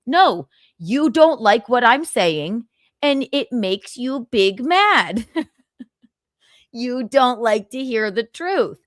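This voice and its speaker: A woman's voice: on the high side, big pitch swings, takes it slowly, dry recording, studio quality. A woman hosting a livestream, arguing heatedly with a guest in a sarcastic, mocking, combative way. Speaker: livestream host.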